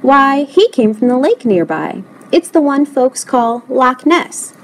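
A woman doing a slow, folksy old uncle. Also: high-pitched, big pitch swings, a little hiss or hum, voice pushed up, heavily acted.

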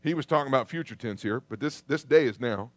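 A man preaching a sermon in a church, lively and conversational, calling out to the congregation. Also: medium pitch, fast, dry recording. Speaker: pastor. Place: church sanctuary.

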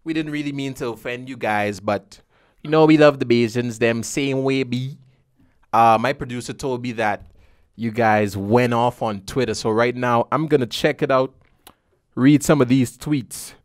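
A man's voice: medium pitch, moderate pace, no echo, studio quality. Joking Caribbean man hosting a podcast. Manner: playful, joking, loose conversational delivery. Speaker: podcast host. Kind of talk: casual podcast chat.

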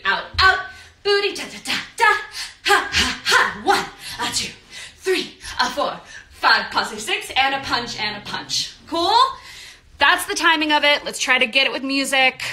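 A woman's voice: high voice, bright, forceful tone, far from the mic. A woman teaching a dance class, upbeat, counting beats aloud and chanting the rhythm. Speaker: dance instructor. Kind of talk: live online dance class. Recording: echoey room, voice off-mic, faint noise.

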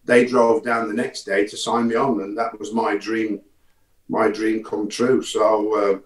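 An older man from the English Midlands, speaking as a guest in a casual chat, with a faint, softened Midlands accent. His voice sits low, and he tells his story plainly with small pauses. The room gives his voice a clear echo. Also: level tone. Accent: faint Midlands, softened by years in the Northwest.

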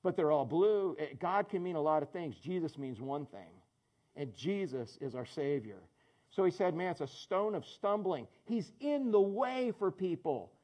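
A man's voice: on the high side, lively intonation, moderate pace, darkish tone. A man preaching a sermon as pastor, conversational and joking, calling on people in the congregation by name. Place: church in front of a congregation.

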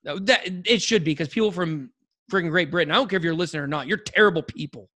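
Guy cohosting a podcast, pretty high voice, rambles and jokes around, lots of "like". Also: quick pace, bright, forceful tone. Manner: rambling, joking, with many restarts and "like" fillers. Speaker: podcast co-host. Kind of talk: casual podcast chat.

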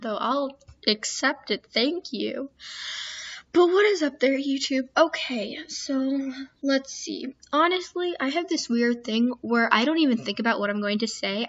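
A woman's voice: sits high, moderate pace, a bit bright. Chatty teen girl, dull lo-fi mic. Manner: chatty, distracted, self-mocking. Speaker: YouTuber. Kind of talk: rambling casual chat over gameplay. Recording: dull lo-fi screen-capture audio.

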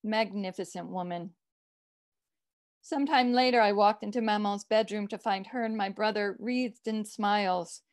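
A woman's voice: medium pitch, fairly even intonation, dry recording, clean studio sound. Woman author reading her story. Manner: measured literary reading. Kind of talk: reading her own short fiction.

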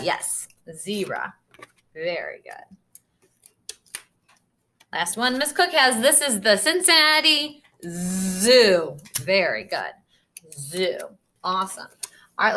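Bright-voiced teacher sounding out letters slowly. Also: female voice, medium pitch. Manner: encouraging, sing-song praise to children. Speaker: kindergarten teacher. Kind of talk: online phonics lesson for young children.

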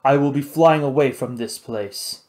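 A man voicing a cold, proud ex-soldier hijacker in an audiobook, speaking low, clipped and hissing. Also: measured pace, a little mellow, close to an everyday voice. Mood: menacing. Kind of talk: audiobook character voice.

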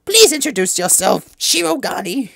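A man's voice: very high-pitched, very animated, unhurried, gravelly, pushed and bright, no room sound, studio quality, pitched above the performer's own voice, full character voice. A man voicing a sleepy, absent-minded male quail teacher in a game playthrough. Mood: drowsy.

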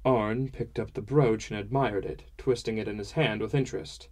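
Low-voiced man narrating an audiobook. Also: steady tone. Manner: measured storytelling. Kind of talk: first-person audiobook narration.

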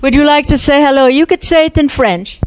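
A woman's voice: sits high, a little fast. A woman hosting a TV interview show at a gallery opening, chatty and upbeat, with jokes about herself. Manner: chatty, upbeat, self-joking. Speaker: TV show host. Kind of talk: casual interview.

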